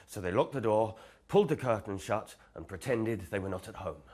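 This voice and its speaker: A man narrating a children's bedtime story in a gentle, expressive storytelling manner. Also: lowish voice, brisk.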